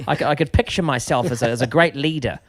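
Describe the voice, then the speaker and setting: A middle-aged man with a New Zealand accent, a podcast guest telling a comic story in an animated, self-mocking way. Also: medium pitch, brisk. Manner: animated, self-mocking, frequent laughs and restarts.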